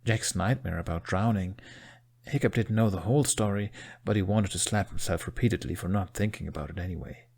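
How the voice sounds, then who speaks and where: Low-voiced man narrating a fanfic. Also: brisk, vocal fry, darkish tone. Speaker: audiobook narrator. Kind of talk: fan fiction audiobook narration.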